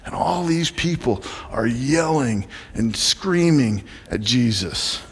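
A man preaching a sermon in a church, lively and dramatic, sometimes acting out the voices of a crowd. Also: medium pitch, slow, long reverb tail. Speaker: pastor. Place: church sanctuary.

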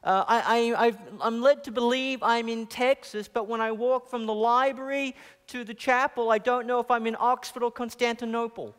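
A man from Australia with an Australian accent giving an academic lecture as guest speaker, talking quickly with a self-deprecating manner and frequent restarts. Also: extremely high pitch, fairly even intonation, a bit bright, clean tone. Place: large chapel. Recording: long hall reverb.

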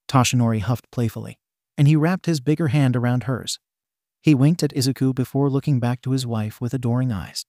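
A man reading a fanfiction story as scripted narration in a steady, even way. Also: mid-range voice, brisk, dry recording, studio quality.

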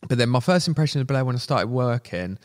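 In a fast, mid-range voice, a young man on a podcast as a guest rattles off casual stories, using slang and animatedly acting out what people told him.

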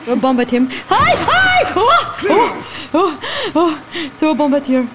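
A woman giving gameplay commentary, jumpy and swearing, gasping and yelling at the game as she plays. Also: sits high, big pitch swings, measured pace, a loud crowd. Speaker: gaming channel host. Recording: game sounds loud behind voice.

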